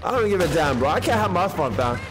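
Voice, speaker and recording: An excitable young man talks over his game stream, firing off slangy banter at his viewers. His voice is high and very lively, and faint music plays underneath. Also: fast talker. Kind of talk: live game streaming commentary.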